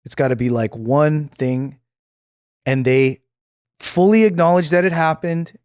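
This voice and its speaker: A man's voice: a little high, unhurried, clean tone, no room sound, studio quality. A man hosting a podcast, casually asking questions to draw out his co-hosts. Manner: relaxed, prompting questions. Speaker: podcast host. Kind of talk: casual chat.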